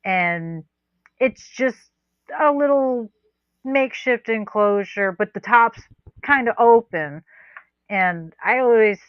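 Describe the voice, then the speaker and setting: A woman's voice: a little high, expressive, takes it slowly, no room sound. Rambling woman on a dull lo-fi line. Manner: rambling, laid-back, chuckles often. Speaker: podcast co-host. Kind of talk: casual chat. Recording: dull lo-fi dry sound.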